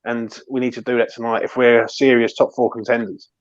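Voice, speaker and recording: A man's voice: mid-range voice, little pitch movement, brisk, smooth, no room sound. A man giving passionate, emphatic opinions as a guest pundit on a live fan show. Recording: dry, dull lo-fi mic.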